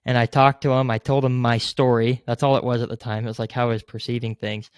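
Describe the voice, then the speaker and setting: A man's voice: medium pitch, flat delivery, fast talker, clear, resonant tone, no room sound, studio quality. A man guesting on a podcast, telling a sales story in a loose, rambling way full of fillers, acting out what people said to him. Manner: rambling, filler-heavy, leans on "like"; acts out quoted lines, gets loud in retelling. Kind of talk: casual interview storytelling.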